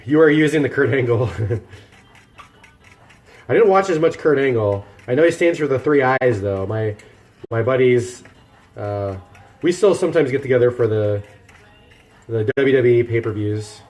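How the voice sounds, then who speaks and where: A man's voice: medium pitch, lively intonation, moderate pace, pauses often, darkish tone, roomy sound. Rambling man cooking on stream. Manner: rambling, self-deprecating, chats to viewers while cooking. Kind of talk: casual cooking chat with live chat. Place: home kitchen.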